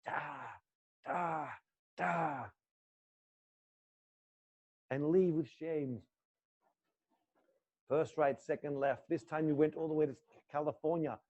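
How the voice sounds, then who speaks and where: A male acting teacher guiding students through an intense exercise, swinging between low muttered lines and loud coaching. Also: steady tone, a little slow, pauses often, muffled recording. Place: indoor room.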